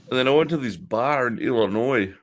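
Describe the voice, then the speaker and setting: A middle-aged Australian streamer speaks briskly at medium pitch from his home office. Answering chat, he swears freely, jokes around, and laughs often.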